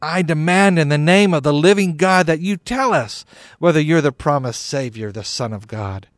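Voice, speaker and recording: A stern head priest, put on by a storyteller in a Bible storybook, his voice climbing high and loud with outrage. The recording is dry and close, with no room around it. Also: lively intonation, moderate pace, dry recording, lightly acted. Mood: demanding. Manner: loud and accusing.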